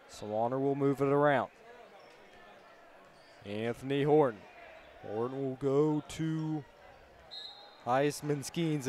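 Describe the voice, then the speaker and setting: A man calling a high school basketball game play-by-play, passing the ball from name to name in a steady call that lifts when a shot goes up. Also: slight background noise. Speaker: play-by-play announcer. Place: school gym.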